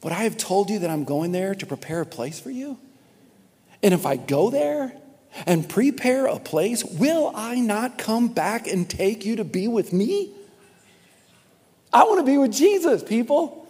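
High-voiced preacher in a reverberant hall. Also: male voice, a little mellow. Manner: emphatic, repetitive preaching with audience call-and-response. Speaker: pastor. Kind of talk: sermon. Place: church sanctuary.

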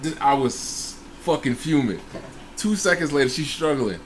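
Profane, animated man telling a story. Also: on the high side, normal speed, a loud crowd. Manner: profane, animated retelling with acted-out quotes. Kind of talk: casual storytelling chat.

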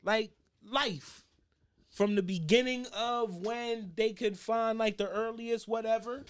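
A young man co-hosting a podcast in casual chat, telling stories in a slangy, excitable way. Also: high-pitched, slow pace, clean tone. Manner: animated, excitable storyteller, slangy. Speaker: podcast co-host.

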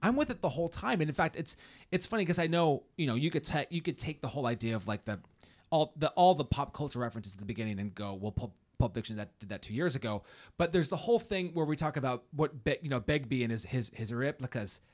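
A man co-hosts a relaxed movie podcast, his talk full of stops, fillers and little laughs. His pitch swings widely from phrase to phrase. He sounds like a man in his thirties chatting at a home mic. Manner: halting, many restarts and fillers, laughs often. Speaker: podcast co-host. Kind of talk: casual film discussion podcast. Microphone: home studio mic, typing nearby.

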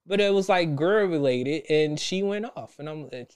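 A young man, a podcast host telling a story in casual chat, animated and laughing often. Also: a little high, moderate pace, hardly any pauses, smooth. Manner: animated, laughs a lot, acts out quotes.

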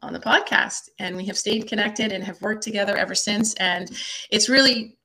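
A woman's voice: medium pitch, normal speed, vocal fry, bright, forceful tone. A woman hosting a podcast, introducing her guest with effusive, gushing praise. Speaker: podcast host.

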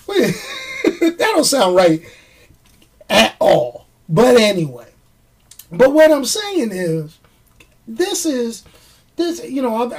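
A man's voice: very high voice, slightly rough. A man giving a casual, jokey movie review. He acts out the fight scenes with his own sound effects.

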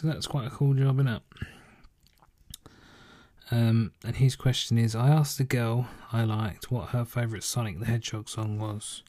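A man's voice: mid-range voice, steady tone, normal speed, mellow, no room sound. A young man, a tired podcast host rambling casually and swearing as he answers listener questions. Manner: rambling, sweary, laid-back. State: yawning, tired. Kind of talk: casual solo podcast chat.

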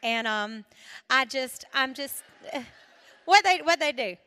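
Southern woman speaker, high bright voice, animated testimony, quick laughs, loud then hushed. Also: smooth. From South Carolina, USA. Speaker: singer and speaker at a women's event. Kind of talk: testimony talk to a live audience.

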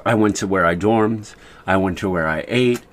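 A man's voice: sits low, normal speed. A man co-hosting a casual gaming podcast, giving blunt, dismissive opinions with stammered restarts. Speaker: podcast co-host.

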